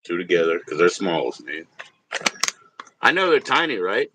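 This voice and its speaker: A man's voice: low voice, sing-song, a little slow, background noise. Profane, rambling livestreaming man. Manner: rambling, profane, laughs often, talks to viewers. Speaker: livestream host. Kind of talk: casual livestream chat.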